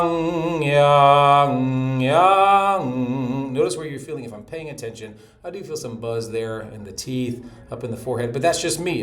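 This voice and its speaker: A middle-aged man teaching a relaxed, chatty voice lesson, breaking into short sung demonstrations. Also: medium pitch. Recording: echoey room with faint noise.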